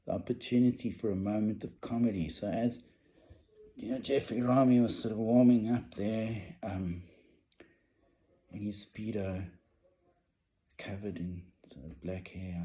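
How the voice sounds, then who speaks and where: A man's voice: lowish voice, mellow. A middle-aged man telling a personal story in a casual, rambling way, with many fillers and restarts.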